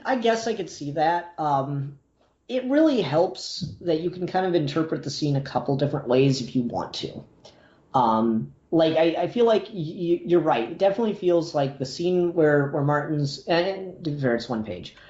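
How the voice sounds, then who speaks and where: A podcast guest talking through a comic scene in a measured, hedging way, thinking aloud. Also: mid-range voice, expressive, warm tone. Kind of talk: casual comic book review chat. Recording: dull echoey lo-fi audio.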